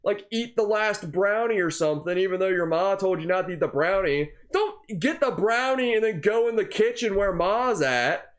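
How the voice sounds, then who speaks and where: Young male co-host, casual rant, pitch on the high side, very lively, loose and filler-heavy. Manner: rambling, heavy on fillers and "man"; exasperated. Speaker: co-host of a gaming channel. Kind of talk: casual ranting chat.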